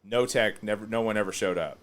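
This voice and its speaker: A man hosting a podcast, chatting casually and joking, often breaking into loud laughter. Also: fairly low pitch, a little fast. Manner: animated, joking, laughs loudly. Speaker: podcast host.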